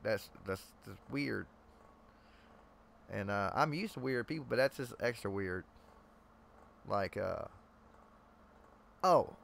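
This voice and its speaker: A man's voice: lowish voice, lively intonation, slow, vocal fry, long pauses, a bit bright, a little hiss or hum. A young man hosting a live chat stream, joking and rambling in loose, slangy talk to his viewers.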